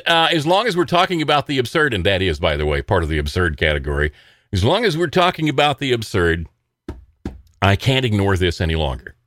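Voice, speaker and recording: A man's voice: medium pitch, fairly bright tone, dry recording, studio quality. A man from the South, hosting an opinionated commentary show in a sarcastic, mocking way and laughing between points. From American South.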